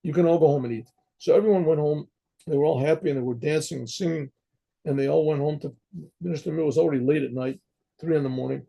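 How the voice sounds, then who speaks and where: A rabbi telling a story in a conversational sermon, often clearing his throat and restarting his sentences. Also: on the high side, quick pace, warm tone, highs cut off.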